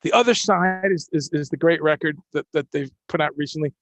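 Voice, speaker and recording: A male host chatting casually on a live stream, animated and full of restarts. His voice is a little higher than most men's, with a gravelly fry, and the sound is close and dry. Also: fairly quick, no room sound. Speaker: podcast host. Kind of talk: casual interview chat.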